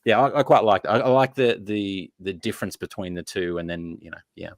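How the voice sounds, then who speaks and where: Man, low voice, hesitant co-host, dry recording. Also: steady tone, a little fast, no room sound. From Australia. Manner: hesitant, many restarts and fillers. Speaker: podcast co-host. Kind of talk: casual chat about a TV series.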